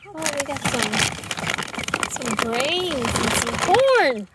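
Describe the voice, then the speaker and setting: A woman with a very high, bouncy voice talks to her chickens in sing-song baby talk. She speaks slowly and gently, narrating casually as she herds them in outdoors. Her pitch swoops up and down as she coaxes. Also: animated, heavy background noise. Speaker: backyard chicken keeper. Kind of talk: casual vlog narration while herding chickens.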